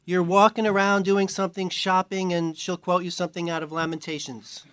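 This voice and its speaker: A man's voice: sits high, flat delivery, a little fast, a bit bright, clear, resonant tone. A man from New York giving a conversational sermon as a Bible teacher, with chatty, self-mocking asides.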